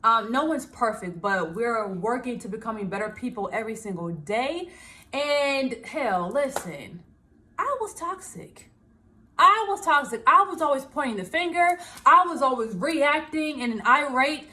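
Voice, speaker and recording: High-voiced woman vlogger, animated and laughing. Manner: animated, laughing, acts out her own inner voice. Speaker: small business owner and vlogger. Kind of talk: casual self-help talk to camera.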